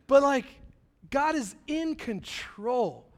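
A man's voice: very high-pitched, big pitch swings, normal speed. A man, preaching a sermon as a pastor and telling a personal story in a casual, slangy way, acting out quotes with big swings in volume.

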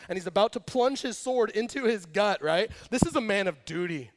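A young man preaching a casual, lively sermon, joking and acting out quotes as he tells a story. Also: high-pitched, a little fast, hardly any pauses. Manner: animated, jokey storytelling with acted quotes. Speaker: pastor.

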